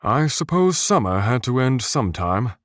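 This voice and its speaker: A man's voice: medium pitch, big pitch swings, normal speed, dry recording, studio quality, pitched above the performer's own voice, natural voice. A man voicing a stern, curt old monk who speaks in clipped, disapproving lines. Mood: wistful. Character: stern old monk with a hard-to-place accent.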